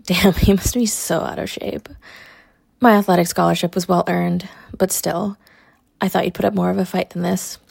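Teasing young woman with vocal fry. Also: on the low side, steady tone, moderate pace, darkish tone, no room sound, studio quality. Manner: teasing, mocking, laughs often. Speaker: college athlete character in an audio role-play. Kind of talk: scripted audio role-play.

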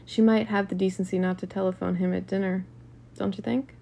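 A woman reading aloud and voicing a cool, skeptical young woman who speaks in a brisk, curt way. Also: medium pitch, level tone, gravelly, mellow. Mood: knowing. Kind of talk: amateur read-aloud of a novel.

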